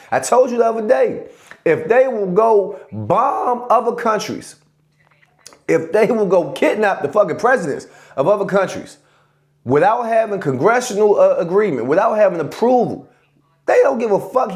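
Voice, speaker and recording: A man giving casual, profane political commentary, telling events animatedly with spoken sound effects. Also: high-pitched.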